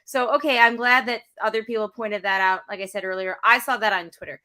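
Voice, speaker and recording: Bright-voiced chatty woman host. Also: mid-range voice, steady tone. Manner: giggly, chatty, quick asides. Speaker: podcast co-host. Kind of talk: casual chat.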